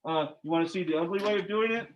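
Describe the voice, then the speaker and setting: A man's voice: high voice, fast, a little hiss or hum. A man teaching algebra to a class, informal and joking, quizzing his students as he works through problems. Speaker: math teacher. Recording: dull lo-fi classroom recording.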